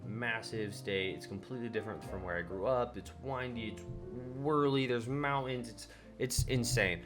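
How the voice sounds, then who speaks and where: A man's voice: mid-range voice, normal speed. Rambling man talking over guitar music. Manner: rambling, filler-heavy, animated retellings of his own anger. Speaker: podcast host. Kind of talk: casual solo rambling monologue.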